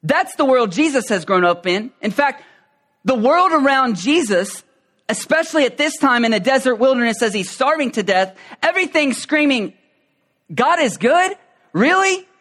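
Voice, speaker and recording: A man delivers a sermon in a high voice. He talks in a conversational way, with fillers and restarts, then builds to loud, emphatic preaching. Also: expressive, normal speed.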